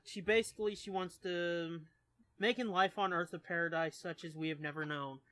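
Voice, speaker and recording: A man's voice: sits high, fairly even intonation, moderate pace, bright, forceful tone, dry recording. A man co-hosting a podcast, chatting casually about comics, laid-back and swearing freely. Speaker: podcast co-host. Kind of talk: casual comic-book review chat.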